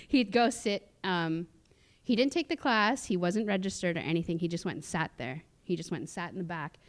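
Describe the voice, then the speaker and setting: A woman's voice: lowish voice, lively intonation, normal speed, hardly any pauses. A woman from the Musqueam community in Canada, a guest speaker telling personal stories in casual chat, chatty with many fillers and restarts and frequent laughs, recorded on a theatre stage. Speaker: guest speaker at a cultural sharing.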